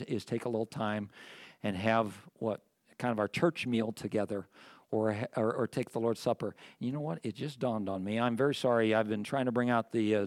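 A male pastor giving a sermon in a church, talking in a plain conversational way with many restarts. He gets loud and high when he stresses a point and goes quiet when he reflects. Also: no room sound, clean studio sound. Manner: earnest, conversational preaching with frequent restarts. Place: church sanctuary.

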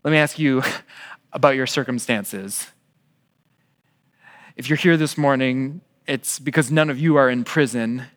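A man preaching a sermon at a church service, animated and asking the congregation rhetorical questions. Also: mid-range voice, a little slow, long pauses. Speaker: pastor.

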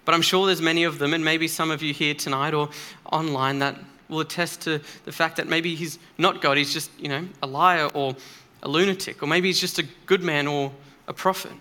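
A man's voice: on the high side, fairly even intonation, fairly quick, few pauses, sharp tone. A man preaching a sermon in a church, earnest and emphatic, speaking conversationally with occasional fillers.

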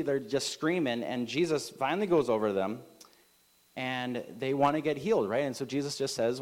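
A man's voice: medium pitch, moderate pace. A pastor, a man in his thirties, delivering a casual, conversational sermon full of "like" and "right?". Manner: conversational, many filler likes and rights, rising emphasis.

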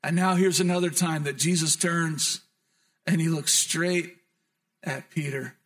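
A man with a high-pitched voice preaching a sermon. He tells the story with emphasis and sometimes drops into soft, reflective tones as he speaks to the congregation. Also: steady tone, a little slow. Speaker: pastor.

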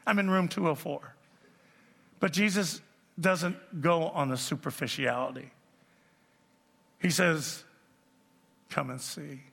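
Male pastor, 60s, emphatic sermon delivery, bright edgy tone, long hall reverb. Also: fairly high pitch, slow pace, creaky, pauses often. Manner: emphatic preaching with rhetorical questions and repetition.

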